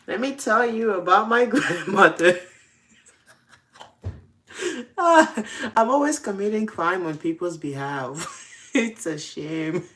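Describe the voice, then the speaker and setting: A woman's voice: mid-range voice, animated, slow, pauses often, fairly bright tone, a little hiss or hum. A young adult woman casually telling confessional stories, often breaking into laughter. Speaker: host. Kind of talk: casual storytelling.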